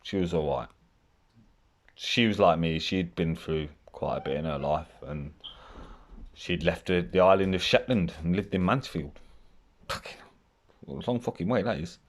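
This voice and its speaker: A deep-voiced man recounts his past in a loose, rambling monologue. He is blunt and candid, and he swears constantly as he talks. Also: normal speed, pauses often. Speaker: vlogger telling his life story. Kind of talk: casual storytelling.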